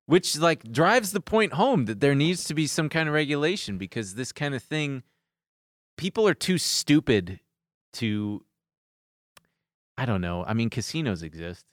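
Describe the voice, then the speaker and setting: A man's voice: medium pitch, sing-song, unhurried, no room sound, studio quality. A young man co-hosting a podcast in casual chat, with wry asides, sometimes reading posts aloud. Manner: chatty, reads tweets aloud, wry asides. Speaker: podcast co-host.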